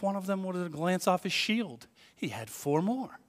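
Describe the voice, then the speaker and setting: A male pastor preaching a lively sermon, joking and acting out quoted voices. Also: mid-range voice, quick pace, big-room sound.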